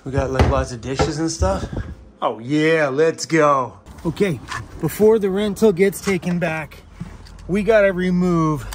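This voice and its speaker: A man's voice: fairly high pitch, slight background noise. A man chatting casually to the camera in a travel vlog, laughing often and talking fondly to his dog. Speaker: van life vlogger.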